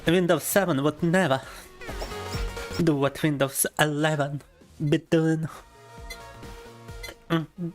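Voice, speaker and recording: A young gaming streamer whose first language is Russian chats on a live stream, his voice on the high side, steady in tone, slow, and full of long pauses. He rambles in an overblown mock-tragic way and switches between two languages, with game music faintly in the background.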